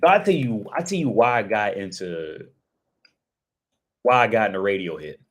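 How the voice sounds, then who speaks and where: A man with a slightly low voice rambles through a casual livestream chat. He talks loosely, full of fillers and swearing, and he jumps into excited outbursts. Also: normal speed. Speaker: streamer.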